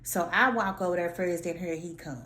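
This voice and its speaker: A woman vlogger telling a story in a sassy, animated, slangy way, acting out her own lines. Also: on the low side, normal speed, roomy sound, slight background noise. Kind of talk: casual storytelling rant.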